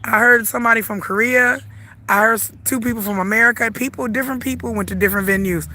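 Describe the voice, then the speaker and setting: Sick with the flu, congested and hoarse, a middle-aged Southern woman vlogs live as she strolls a lake park. Her voice sits on the high side, fairly even, quick, pushed, and bright; she rambles chattily and laughs often, with slight background noise.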